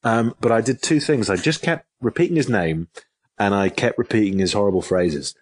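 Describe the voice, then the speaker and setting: A man, an author telling a story in an interview, lively and given to repeating and restarting his phrases. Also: fairly low pitch, moderate pace. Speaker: author and guest.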